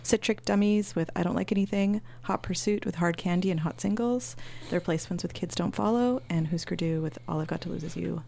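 A woman's voice: fairly low pitch, fairly quick, vocal fry, mellow, a little hiss or hum. A woman co-hosting a radio show in casual chat, easygoing as she reads off a playlist at a studio mic. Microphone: studio microphone.

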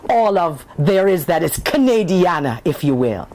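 A woman author telling a personal story in a conversational, animated way, speaking straight to her listeners. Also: lowish voice, moderate pace. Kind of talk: spoken-word personal storytelling.

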